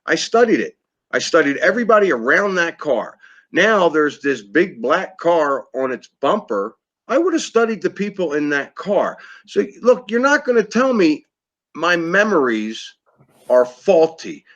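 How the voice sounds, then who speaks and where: A man's voice: on the high side, sing-song, measured pace, fairly bright tone. Emphatic East Coast American man. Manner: emphatic, insistent, repeats himself. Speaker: host. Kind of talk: casual interview chat. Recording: lo-fi muffled audio.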